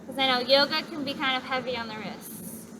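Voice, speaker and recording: High-voiced woman teaching kids yoga outside, gentle and encouraging, traffic noise behind. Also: brisk. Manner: gentle, encouraging, cueing breaths. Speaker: yoga instructor. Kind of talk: guided yoga class instruction. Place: outdoors in a park.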